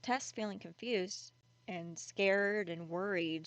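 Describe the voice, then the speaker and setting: A woman's voice: medium pitch, unhurried, creaky, dry recording. A woman casually retelling a creepy story in a chatty, conversational way with many fillers.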